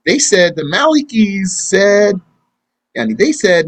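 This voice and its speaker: With a high-sitting, very animated voice, a male Islamic teacher speaks slowly through a live lesson on religion. He responds to questions and performs imagined exchanges in a conversational tone, and the recording is low quality.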